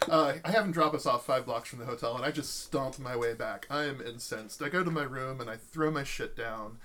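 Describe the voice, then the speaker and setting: A man's voice: medium pitch, a little fast. A man casually telling a long anecdote in a chat, acting out the people he quotes. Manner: animated storytelling, acts out quoted voices. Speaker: storyteller in a podcast chat.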